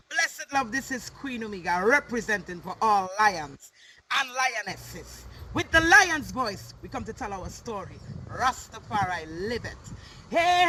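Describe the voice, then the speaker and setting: High, bright woman giving a rallying shout-out. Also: slight background noise, rough recording. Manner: declamatory, rallying. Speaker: reggae artist giving a station shout-out. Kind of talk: chanted shout-out.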